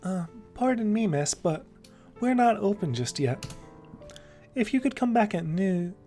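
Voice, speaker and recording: A man's voice: high voice, expressive, measured pace, mellow, faint music behind, pitched above the performer's own voice. A man voicing an elegant, mature male parakeet who runs a café, speaking politely and formally.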